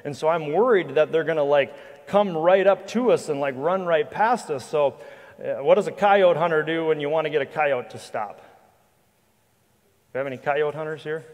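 A man, a hunting guide and guest speaker, telling a lively anecdotal story to a church audience, with frequent restarts. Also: a little high, moderate pace. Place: church hall with live audience. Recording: long reverb of a large hall.

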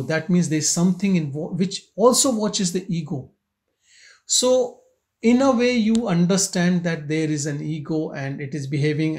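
A man leading a spiritual satsang, speaking slowly and contemplatively, asking questions and leaving long pauses. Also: on the high side, a little mellow. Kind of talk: slow contemplative spiritual talk. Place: meditation centre hall.

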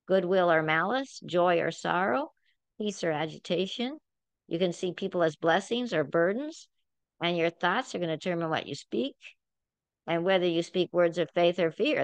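A woman's voice: fairly low pitch, no echo. A woman leading a Bible study, preaching in an earnest, emphatic and conversational way.

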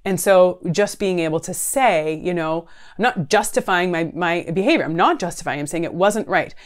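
A woman counsellor in her thirties talks earnestly to camera, her voice sitting a touch low for a woman. She speaks in a conversational way, checking in with the listener and leaning on casual fillers. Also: animated, moderate pace. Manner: earnest, conversational, frequent "right?" and "like". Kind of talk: talking-head advice video.

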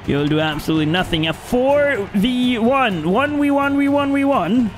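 High-voiced man trash-talking over game music. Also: expressive, normal speed, gravelly, few pauses. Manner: playful trash talk at enemies; bursts into high shouts during fights. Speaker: gaming YouTuber. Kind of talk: gameplay commentary. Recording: game music playing behind.

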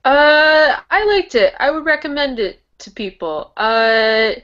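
A woman with a fairly high voice chats with friends on a video call from her bedroom. She jokes around, laughs easily and keeps things loose. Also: expressive, slow pace, a bit bright, lo-fi sound. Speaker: book club member. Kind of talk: casual video-call chat.

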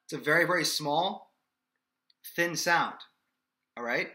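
A man coaching singers in a relaxed, chatty way, often stopping to ask "okay?". His speaking voice is very bright and sits slightly high for a man. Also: measured pace. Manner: casual and explanatory, with frequent "okay?" check-ins. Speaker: vocal coach. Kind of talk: singing lesson with sung demonstrations.

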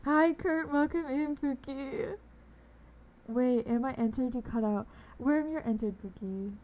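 A woman's voice: high-pitched, measured pace, a little mellow. A young woman streaming a game live, chatting casually and bubbly with her viewers, laughing often. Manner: bubbly, giggly, talks to chat.

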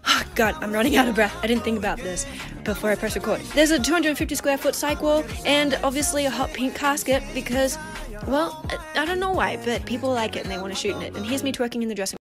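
A woman's voice: high voice, fast talker, over music. A woman with an Australian accent, talking casually and jokingly in a self-filmed vlog, using plenty of slang. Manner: chatty, joking, slang-heavy. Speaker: TikTok creator and studio owner.

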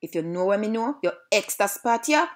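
A woman's voice: medium pitch, expressive, a little fast, natural voice. A woman voicing a clever, cheeky little male piggy in a storybook, talking back in sassy Jamaican patois. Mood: taunting.

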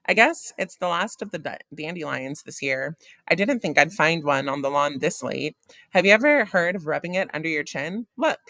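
A man's voice: on the high side, expressive, normal speed, bright, forceful tone, no echo. A man reading as a curious teenage girl. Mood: playful. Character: curious dreamy teenage girl, nearly seventeen.

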